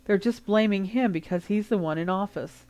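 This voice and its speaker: A woman reader voicing a calm, sensible teenage girl in an audiobook story, speaking reassuringly. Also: medium pitch, moderate pace, natural voice.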